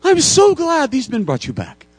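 A man voicing a kindly elderly priest in a high, sing-song falsetto while telling a story in a sermon. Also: wildly swooping pitch, moderate pace, no echo, full character voice. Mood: gently joyful. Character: kindly elderly male priest, gentle and forgiving.

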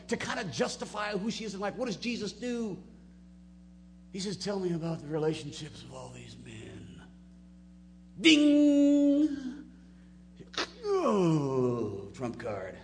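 A man delivering a sermon in a fairly high voice. He drops to quiet, almost whispered asides, then builds to loud, emphatic peaks. A faint hum sits under the recording. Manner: dynamic preaching, swinging from hushed low asides to loud emphatic peaks. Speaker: pastor.

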